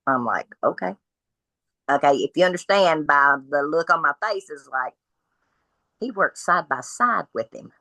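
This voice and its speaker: A woman tells her story as a podcast guest, speaking bluntly and acting out each person's lines. Her voice sits low and lands with a forceful edge. The sound is dry and close. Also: unhurried, dry recording, poor audio. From Kentucky. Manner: blunt, animated retelling of dialogue.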